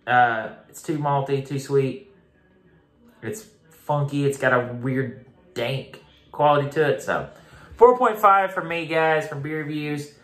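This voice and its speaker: A man's voice: on the high side, a little slow, a bit bright. Blunt, emphatic man in an echoey room. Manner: blunt and emphatic, repeats himself, swears casually. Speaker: beer reviewer. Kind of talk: casual video review.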